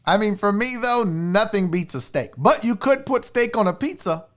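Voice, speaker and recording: A man's voice: sits high, animated, moderate pace, a bit bright. A man hosting a casual sports livestream, rambling, jokey and profane, fiddling with his screen as he talks. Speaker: sports show host.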